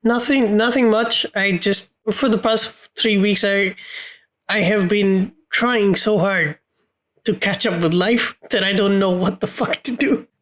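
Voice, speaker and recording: A woman's voice: mid-range voice, a little slow, fairly bright tone, low-quality recording. A woman co-hosting a podcast in casual banter, dry and blunt with casual swearing. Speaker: podcast co-host.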